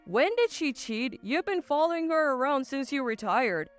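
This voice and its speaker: A woman voicing a calm young man who questions his father firmly. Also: high voice, moderate pace, soft background music. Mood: questioning. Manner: firm, questioning. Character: calm reasonable adult son, young man.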